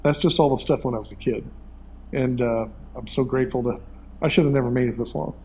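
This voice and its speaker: This Texan man in his fifties is a guest in a casual interview, spinning rambling, folksy stories packed with fillers. His mid-range voice moves at a quick pace over slight background noise.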